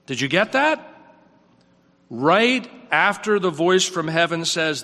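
A man preaching a sermon in a reflective, earnest way, his voice rising on questions and dropping soft. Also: a little high, sing-song, slow, long reverb tail.

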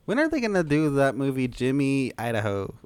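Lively, jokey male podcast host. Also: medium pitch, brisk, smooth, no echo. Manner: animated, jokey, trails off mid-thought. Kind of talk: casual chat.

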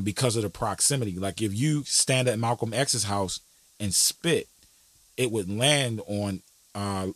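A man hosting a podcast, talking through history in an earnest, casual way with many fillers, turning animated when he makes a point. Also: on the low side, no echo. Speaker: podcast host.

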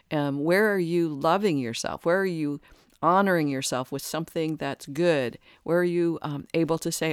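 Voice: medium pitch, smooth, no room sound, clean studio sound. A podcast host giving an earnest, searching spiritual monologue, often restarting sentences.

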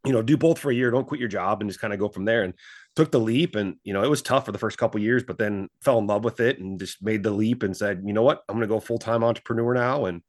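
Male guest in his 40s, rapid lively storyteller who quotes himself, dry close recording. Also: on the low side, no echo. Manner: energetic, acts out his own past dialogue in quotes. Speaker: guest, entrepreneur and former stockbroker. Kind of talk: casual interview storytelling. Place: Fort Worth, Texas.

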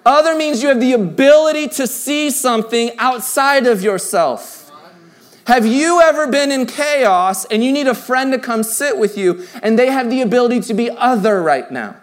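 A man with a notably high voice delivers a sermon to a church congregation. His preaching is conversational and personal. For the tender lines he sinks into a soft, hushed delivery. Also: animated, normal speed. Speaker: pastor.

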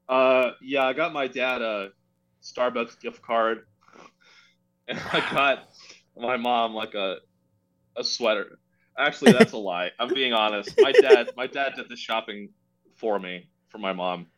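A man's voice: mid-range voice, unhurried, fairly bright tone, rough recording. A young man co-hosting a comedy podcast, wry and self-deprecating, often restarting his sentences. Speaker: podcast co-host. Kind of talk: casual comedy chat.

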